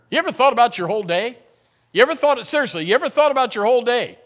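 A middle-aged pastor preaches with a high, bright-pitched voice that leaps up and down. He is animated, acts out everyday complaining, and calls out to his congregation in church. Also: rapid-fire. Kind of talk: sermon. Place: church sanctuary.

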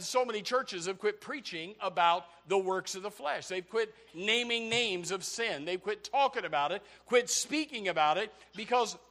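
A male pastor preaching to his church with a high, bright voice. He repeats himself for emphasis and swings between loud outbursts and hushed, quiet asides. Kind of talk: sermon.

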